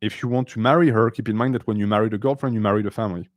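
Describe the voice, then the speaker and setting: A man's voice: on the low side, fairly even intonation, racing, no echo, studio quality. Blunt, sarcastic male stream host. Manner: blunt, sarcastic, switches between English and French. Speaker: host answering viewer questions. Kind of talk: casual live-stream Q&A.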